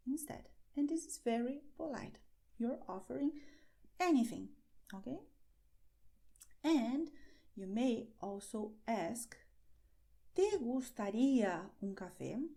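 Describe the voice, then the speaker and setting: A woman with a Spanish accent teaches an online language lesson, unhurried and patient. Her tone is mellow and warm, and her pitch rises and falls a lot as she says model phrases slowly and checks in with "okay?". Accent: Spanish, from Spain. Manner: patient explanations, slow careful model phrases, frequent "okay?".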